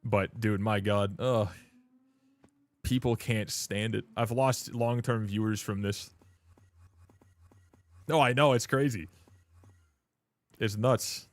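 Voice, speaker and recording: Low-voiced, chatty man streaming. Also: steady tone, slow, pauses often. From Canada. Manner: loose and chatty, swears freely, laughs often, calls people dude and brother. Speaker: live streamer. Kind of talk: casual live-stream chat.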